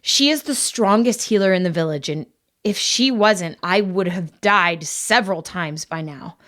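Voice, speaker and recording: A friendly, nervous boy who speaks lower, hushed and a little hesitant, as a woman reads him in an audiobook. He sounds chatty yet easily flustered. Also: measured pace.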